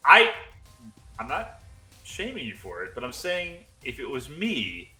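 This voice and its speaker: Excitable man co-hosting a livestream. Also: medium pitch, measured pace. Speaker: co-host reading viewer chat. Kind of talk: casual livestream chat. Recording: roomy sound, faint music behind.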